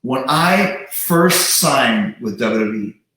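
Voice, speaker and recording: A man's voice: medium pitch, lively intonation, slow, pushed and bright. A man hosting a show, talking in a casual, emphatic monologue with some swearing and repeated words. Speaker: show host. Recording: very echoey room.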